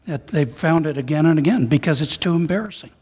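A male preacher with a slightly high, husky voice delivers a sermon, retelling a parable with animated storytelling. His voice rings out with a long reverb, as in a large hall. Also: quick pace. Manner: animated storytelling, reading a retold parable aloud.

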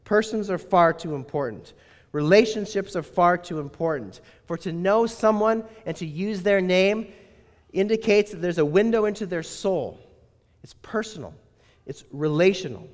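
A man voicing an indignant older Scottish pastor in a Scottish accent, speaking forcefully and emphatically in a long, reverberant hall. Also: high voice, lively intonation, normal speed. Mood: earnest. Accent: Scottish, put on.

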